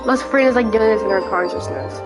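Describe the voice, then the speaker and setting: A woman's voice: a little high, a little fast. A young woman reacting to a game, talking casually and emotionally and exclaiming and repeating herself. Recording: loud game music behind her.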